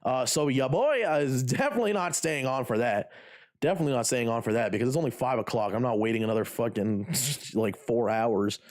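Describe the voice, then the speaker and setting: A male livestreamer in relaxed, unscripted chat. His voice sits at an ordinary middle pitch. He rambles through restarts and fillers and swears freely. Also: brisk. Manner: rambling, profane, lots of fillers. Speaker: livestreamer and lifter.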